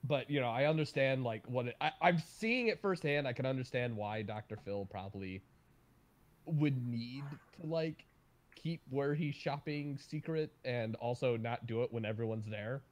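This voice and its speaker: A man chatting casually on a livestream, telling stories with loud bursts of emphasis and laughter. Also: mid-range voice, animated, normal speed.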